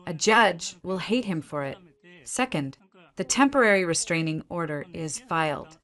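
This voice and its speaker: A woman voicing a brisk, ruthless divorce lawyer in her fifties, speaking in curt, clipped, commanding sentences. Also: fairly low pitch, animated, fairly bright tone. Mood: businesslike. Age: 50s.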